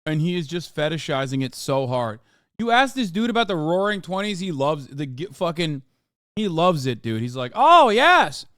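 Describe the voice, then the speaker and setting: A man's voice: a little high, moderate pace, dry recording, clean studio sound. A man hosting a stream, riffing and cursing casually as he reacts to a video. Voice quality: animated, profane, riffing.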